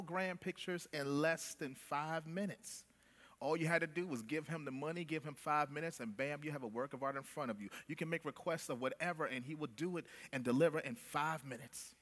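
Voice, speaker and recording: A man's voice: on the high side, fairly bright tone. A man preaching a sermon in a church, calling the congregation family and baby, with call-and-response. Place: church sanctuary. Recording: long church hall reverb.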